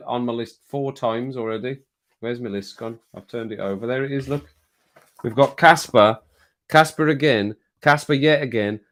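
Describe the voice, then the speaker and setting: In a mid-range voice, a middle-aged livestream host reads his chat on a casual stream. He teases viewers, laughs often, and repeats his phrases.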